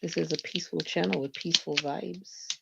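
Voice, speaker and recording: This livestream host talks fairly quickly in a low, gravelly voice with a steady tone, casually chatting and greeting viewers by name. A slight stuffiness makes her sound like she has a cold. The recording is dull lo-fi stream audio carrying faint noise.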